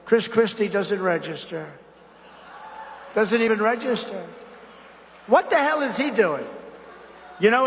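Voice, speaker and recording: High-voiced sarcastic man in a hall. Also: a bit bright, slight background noise. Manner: sarcastic, digressive, repetitive. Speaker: gala speaker. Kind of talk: rambling political speech. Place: large banquet hall. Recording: long hall reverb.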